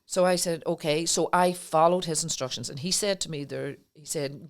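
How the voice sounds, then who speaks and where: A woman's voice: low voice, fairly quick, few pauses. Woman, middle-aged, podcast guest, earnest, emotional storytelling. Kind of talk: personal storytelling in a podcast interview.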